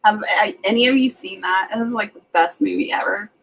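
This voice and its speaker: A woman's voice: mid-range voice, fairly quick, gravelly, a bit bright, husky, poor audio. A woman with a Southern US accent, casually chatting on a livestream and reading out viewer comments as she rambles along.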